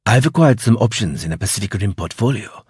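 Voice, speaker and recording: A man's voice: lowish voice, lively intonation, brisk, darkish tone, breathy edge, dry recording, clean studio sound. A man doing an earnest investor. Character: earnest African investor in robes.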